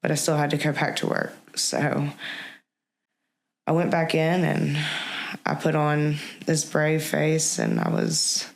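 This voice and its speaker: A woman guest in an interview, telling a personal story in a halting, reflective way, with many pauses and restarts. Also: low-pitched, vocal fry. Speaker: podcast guest.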